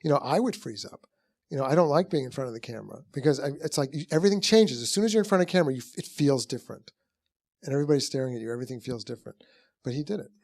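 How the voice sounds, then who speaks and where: A man's voice: mid-range voice, racing, dry recording, clean studio sound. A man, a film director, telling rambling anecdotes in an onstage conversation and acting out what people said. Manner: rambling, animated storytelling with acted-out quotes; frequent restarts and "you know".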